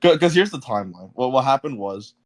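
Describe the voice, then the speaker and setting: A man's voice: mid-range voice, expressive, fairly quick. A young man hosting a casual podcast interview, rambling with many fillers and restarts. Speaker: podcast host.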